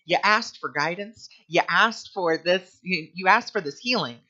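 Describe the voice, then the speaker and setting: A man's voice: sits high, measured pace, bright, forceful tone. A man telling a personal story while teaching a spiritual lesson, chatty and full of "you know" fillers. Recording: dull lo-fi recording.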